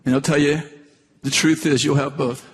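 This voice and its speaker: A man's voice: on the high side, flat delivery, moderate pace, slightly rough, long reverb tail. A middle-aged man preaching, telling a personal story in a conversational, emphatic way with frequent restarts. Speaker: pastor. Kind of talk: sermon storytelling.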